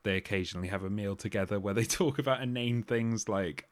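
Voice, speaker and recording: Casual male co-host, slightly low voice, swears often, acts out others in quick voices. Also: no room sound. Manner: sweary, animated impressions of others. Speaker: podcast co-host. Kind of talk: casual chat.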